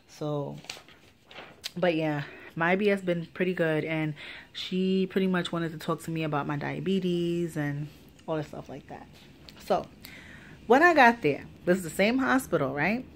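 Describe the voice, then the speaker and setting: A pregnant young woman vlogging a casual story time, ranting with lots of swearing and acting out the people she quotes. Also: lowish voice. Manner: animated, profane ranting with lively quoted dialogue.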